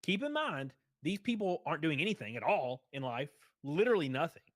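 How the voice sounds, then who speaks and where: A man chatting casually on a livestream, rambling and correcting himself, his loudness rising and dropping. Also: fairly high pitch, very animated, fairly quick, no room sound, clean studio sound. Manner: rambling, self-correcting, shifts loud and quiet. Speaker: streamer.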